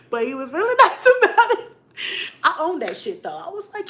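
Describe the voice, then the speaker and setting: A young woman vlogger telling a story in casual chat, laughing often and swinging between loud bursts and hushed asides. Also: high-pitched, very animated, normal speed, a little hiss or hum.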